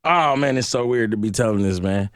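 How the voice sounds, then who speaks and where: A middle-aged man from Detroit telling a story as a guest in a radio interview, slangy and animated, acting out the voices of the people in it. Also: lowish voice, a little fast, clear, resonant tone, dry recording, studio quality.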